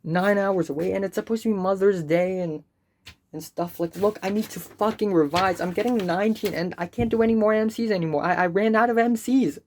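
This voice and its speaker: A woman's voice: mid-range voice, fairly quick, darkish tone, a little hiss or hum. A young woman student ranting in a vlog, exasperated, stammering repeated words and swearing often. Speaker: student vlogger.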